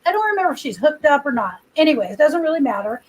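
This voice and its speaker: A woman's voice: sits high, very animated, fast, poor audio. A woman hosting a casual livestream, chatting and telling stories to her viewers in a rambling way, recorded without her microphone. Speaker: livestream host. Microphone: computer built-in mic, no external microphone.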